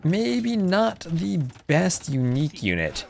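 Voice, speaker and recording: A man commentating a live strategy game tournament, chatty and excitable, chatting with viewers between plays, with faint music behind. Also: high voice, slow pace, gravelly. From New Jersey. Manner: chatty, reads chat aloud, excitable outbursts. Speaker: esports caster.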